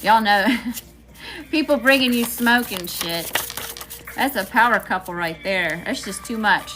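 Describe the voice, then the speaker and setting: A woman with a Southern accent gives a casual tarot reading in a bright, ringing voice. She talks in a loose, slangy, chatty way and answers Spirit aloud as she goes. Faint music plays under her voice. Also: medium pitch, expressive, a little slow. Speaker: tarot reader.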